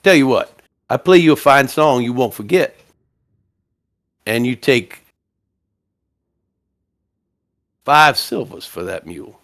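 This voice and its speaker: A man's voice: mid-range voice, sing-song, a little slow, fairly bright tone. A man voicing an undead male bard with folksy, drawling salesman patter. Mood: showy.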